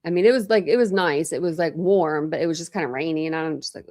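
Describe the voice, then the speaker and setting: A woman's voice: low voice, fast, a little mellow. A woman hosting a true crime livestream, chatting casually and rambling with lots of fillers. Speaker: true crime channel host.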